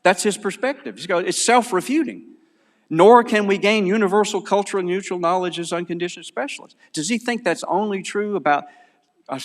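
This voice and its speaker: A man with a Southern American accent giving an animated, digressive conference lecture, often correcting himself mid-sentence. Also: on the high side. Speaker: conference speaker. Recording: long hall reverb.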